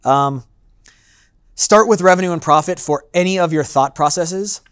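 A man's voice: high voice, moderate pace, a bit bright, clean tone. A man, a master sommelier, giving a loose, conversational seminar to a live audience and acting out customers' lines. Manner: loose and chatty with fillers and asides.

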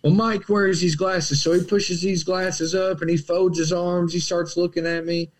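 Animated man telling his story. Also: high voice, moderate pace. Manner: animated storyteller, acts out quotes, laughs often. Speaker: podcast guest in recovery. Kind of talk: storytelling in casual conversation.

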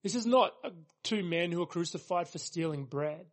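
A man with a high, light voice delivers a sermon with earnest conviction. He presses each point through repetition and builds emphasis line by line. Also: animated, moderate pace. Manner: earnest, emphatic preaching with repeated phrases. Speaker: pastor.

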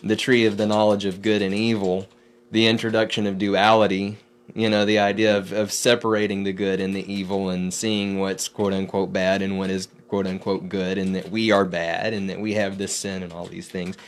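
Low-voiced man musing thoughtfully. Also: flat delivery, normal speed. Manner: thoughtful, searching, with frequent restarts. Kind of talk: casual spiritual discussion.

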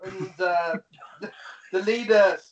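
A man co-hosts a casual film podcast, swearing freely and laughing as he retells scenes. His voice is slightly high and lands from across a roomy space. The sound is dull and a bit far from the mic. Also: slow pace, a little hiss or hum. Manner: swearing, laughing, animated storytelling. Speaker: podcast co-host. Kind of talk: casual film review chat.

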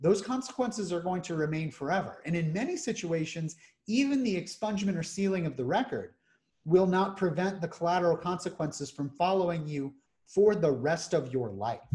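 A man hosting a podcast, explaining legal matters in measured, methodical lists. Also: fairly high pitch, animated, darkish tone. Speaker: criminal defense attorney host.

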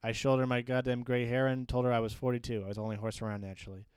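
A man's voice: mid-range voice, flat delivery, rapid-fire, darkish tone, clear, resonant tone, dry recording, clean studio sound, natural voice. A man reading as a drunk lonely teenage boy. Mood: wistful. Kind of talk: reading book passages aloud.

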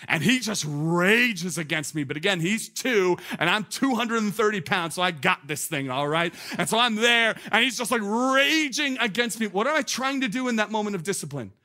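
A man in his thirties preaching a sermon, animated and conversational, with many "like" asides. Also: high-pitched, normal speed, hardly any pauses. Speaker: pastor.

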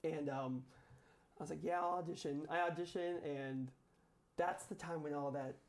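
A young man, a guest on a chat show, telling a story in a chatty way with lots of "like" and quick restarts. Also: fairly high pitch, steady tone. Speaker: former cast member, guest.

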